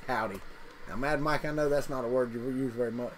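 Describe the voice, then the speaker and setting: Brisk and mid-range in pitch, this Southern-accented livestream host from Mississippi reads out viewer comments and chats back in a folksy, casual way. There's some hiss or hum on the low-quality recording.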